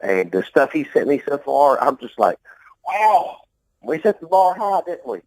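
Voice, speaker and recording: A man's voice: on the high side, very animated, moderate pace, no room sound, rough recording. Dry-voiced rambling musician man. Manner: loose, rambling, profane, repeats words and laughs easily. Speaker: musician, interview guest. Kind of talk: casual interview talk.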